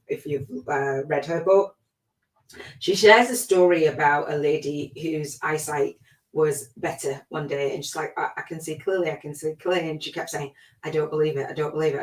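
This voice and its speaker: A middle-aged woman with a low voice talks casually and reflectively, filling her sentences with little hesitations. She sits some distance from the mic in a room that rings with echo. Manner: chatty and reflective, with many fillers. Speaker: spiritual life coach hosting a podcast. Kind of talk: casual spoken monologue. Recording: echoey room, voice away from the mic.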